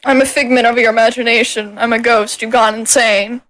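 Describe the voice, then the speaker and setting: A woman's voice: on the high side, flat delivery, a little fast, fairly bright tone, lightly acted, rough recording. A woman voicing a weary male ribbon creature with no mouth in a tabletop game, hesitant and dryly joking.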